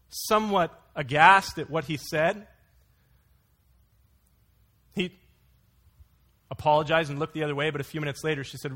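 A man's voice: a little high, moderate pace, pauses often, bright, forceful tone. A man preaching an earnest expository sermon, mixing scripture with anecdotes.

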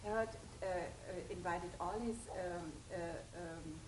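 A woman's voice: fairly low pitch, a little slow. A woman taking part in a casual discussion, hesitant, with many ums and uhs. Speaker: discussion participant. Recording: echoey room with background noise.

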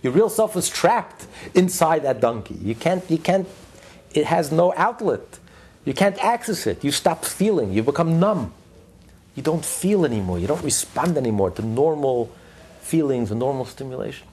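A man's voice: a little high, very animated, normal speed, darkish tone, breathy edge. A man giving a sermon as a religious teacher, driving his points home with emphatic, repeated lists. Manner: tells a joke story mid-lesson.

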